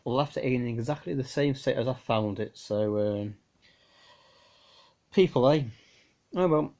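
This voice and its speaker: A man's voice: medium pitch, darkish tone. A man rambling on in a loose, chatty vlog monologue. He sounds exasperated and peppers his talk with "you know", recorded on a phone. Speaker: amateur radio vlogger. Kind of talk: casual monologue to camera.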